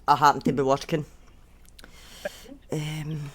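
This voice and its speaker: A woman from Northern England chats easily with her co-host through a headset. Her tone is relaxed and teasing, and she drops in "aye" now and then. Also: low voice, slow pace, slight background noise. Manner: relaxed, joking, says "aye". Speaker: podcast co-host. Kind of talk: casual chat.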